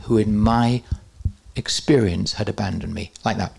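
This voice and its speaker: Guy preaching at a conference, gravelly voice, cracks jokes at himself. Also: on the low side, fairly even intonation, moderate pace, a little mellow. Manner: self-deprecating, jokey asides. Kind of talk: conference teaching.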